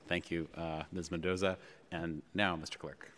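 A man chairing a public board meeting in a city hall chamber, measured and pausing often with ums and uhs. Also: low voice, little pitch movement, a bit bright, a little hiss or hum. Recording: long reverb of a large chamber.

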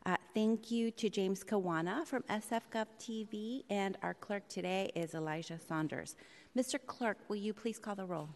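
A woman presiding over a public board meeting as vice chair, speaking in a measured, polite way with a few fillers. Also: medium pitch. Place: legislative chamber in a city hall. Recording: long reverb of a large hall.

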